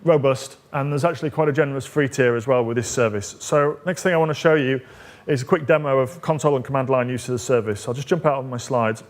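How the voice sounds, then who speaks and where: A man leads a live coding demo, talking the audience through each step. His pitch sits at an average level, and he speaks in a loose, conversational way with plenty of "uh"s as he thinks aloud. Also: quick pace. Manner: conversational, explaining step by step with frequent fillers. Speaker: technical evangelist presenting a demo.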